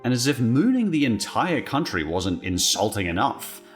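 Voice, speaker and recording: A man's voice: medium pitch, very animated, normal speed, faint music behind. An Australian man narrating a scripted video with wry, playful asides. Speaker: guest commentator.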